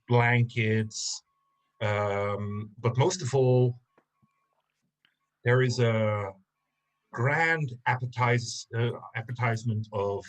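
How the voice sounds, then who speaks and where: A man narrating a tabletop game as game master, in slow, halting narration with many fillers. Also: mid-range voice.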